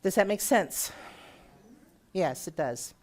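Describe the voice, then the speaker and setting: Middle-aged woman minister, slightly low-pitched, preaching a sermon in a chatty, conversational way. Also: expressive, takes it slowly. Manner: warm conversational preaching with audience questions. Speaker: guest minister.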